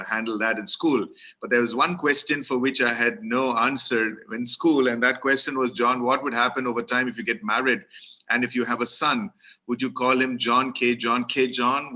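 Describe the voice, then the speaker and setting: A man's voice: mid-range voice, bright, forceful tone, rough recording. A middle-aged man from Kerala with an Indian English accent, giving a humorous, self-deprecating storytelling talk full of fillers. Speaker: motivational speaker.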